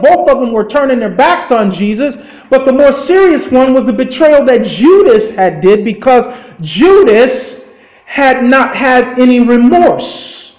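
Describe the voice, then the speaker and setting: A man with a notably high voice preaches a sermon, retelling the story in an earnest, plain-spoken way. His grammar runs loose as he pushes his point home. The sound bounces around a roomy, echoey space. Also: a little mellow.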